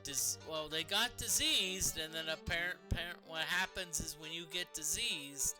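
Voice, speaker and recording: A man's voice: on the high side, normal speed, over music, rough recording. A man casually commenting while streaming a retro role-playing game, chatting to the game and to his party members.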